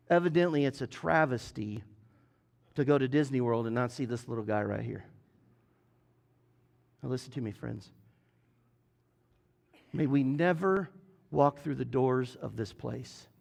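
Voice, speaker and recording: A man's voice: medium pitch, creaky. A male lead pastor preaching a sermon in a church, speaking earnestly and appealing directly to the congregation. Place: church sanctuary.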